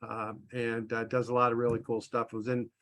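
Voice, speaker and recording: A man's voice: mid-range voice, completely flat delivery, fairly quick, fairly bright tone. A man hosting a casual group call over video chat, chatty and friendly, with frequent restarts. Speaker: workshop host.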